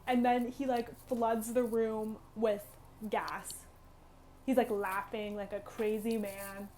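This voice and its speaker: A woman's voice: a little high, flat delivery, takes it slowly, warm tone, slight background noise. Chatty young woman recapping a game. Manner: chatty, peppered with "like", acts out lines. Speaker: student gamer retelling a visual novel. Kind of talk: casual game recap vlog.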